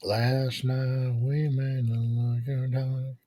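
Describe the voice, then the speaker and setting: A man's voice: medium pitch, monotone, slow, dark tone. A man co-hosting a casual live podcast, rambling and swearing, with lots of fillers. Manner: rambling, profane, many fillers. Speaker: podcast co-host.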